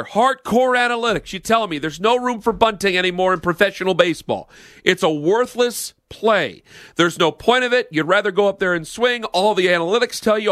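A man's voice: high voice, sharp tone, no room sound, clean studio sound. A man hosting a sports talk radio show, ranting bluntly and sarcastically about the game.

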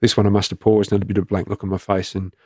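A middle-aged Australian man, a former police commander, telling his story in an interview in a plain, matter-of-fact way with halting restarts. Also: fairly low pitch, level tone, darkish tone, dry recording, studio quality.

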